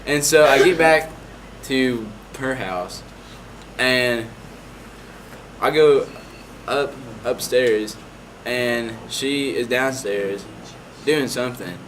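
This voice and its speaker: Speaking very slowly with long pauses, a young man in his late teens tells a casual personal anecdote. He rambles and fills it with "like." His voice is medium in pitch, and the background is noisy.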